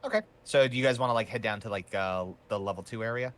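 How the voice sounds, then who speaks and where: A man's voice: on the low side, fast talker. A man narrating as game master of a tabletop game in a loose, meandering way.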